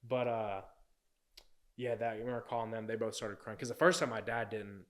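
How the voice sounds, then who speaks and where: A man's voice: fairly low pitch, steady tone, fairly quick. A young man, a podcast guest, telling a personal story in a casual, rambling way, full of "like" and "you know".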